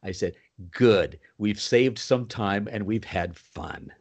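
An older man telling stories as an interview guest, animated, with sudden pitch swoops. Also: slow. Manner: puts on Southern voices for quoted people. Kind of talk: storytelling in a podcast interview.

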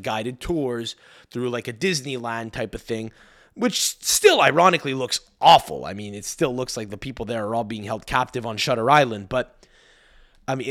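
A man's voice: medium pitch, fairly bright tone. A male podcast host talking solo in a loose, rambling monologue. He swears freely, trails off and restarts his sentences, and wanders into asides as he goes.

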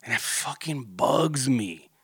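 A man in his late thirties with a drawl rambles on in a loose, profane, filler-heavy way. His voice sits at an ordinary pitch for a man. The sound is close and dry, with no room echo. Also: lively intonation, slow pace, slightly rough. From Corpus Christi, Texas. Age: 30s. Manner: laid-back, profane, rambling with many fillers. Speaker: vlogger. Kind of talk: casual rambling monologue.

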